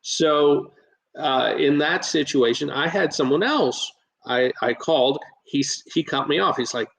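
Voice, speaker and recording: A man guesting on a podcast, sharing real estate stories in an animated coaching tone. His voice sits a bit high for a man and has a gravelly, creaky edge. He talks casually, often restarting sentences and padding with fillers. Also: measured pace, low-quality recording.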